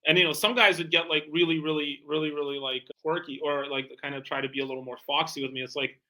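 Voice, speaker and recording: Brisk, bright-voiced male salesman storyteller. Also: fairly high pitch, rough recording. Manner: lively salesman telling anecdotes with lots of fillers. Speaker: guest, bespoke tailor and entrepreneur. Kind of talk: animated storytelling in conversation.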